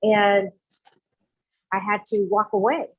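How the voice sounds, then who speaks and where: With crowd noise behind her, a woman of medium pitch speaks slowly as an entrepreneur guesting on an interview podcast. She's animated, performing the quoted lines of people in her story, on dull lo-fi audio.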